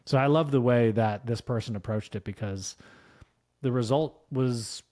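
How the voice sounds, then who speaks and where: Male co-host, mid-pitched, reflective and conversational, casual business chat. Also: normal speed, mellow. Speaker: podcast co-host.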